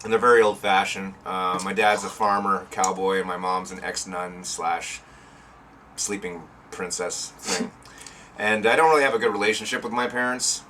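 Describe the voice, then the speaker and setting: A lower-voiced man with a bright, forceful edge, chatting as an interview guest. His humor is dry and self-mocking, and he swears freely. He sounds a little off-mic, with faint noise behind him. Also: flat delivery, normal speed, recorded from a distance. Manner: wry, self-mocking, profane. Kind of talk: casual interview chat.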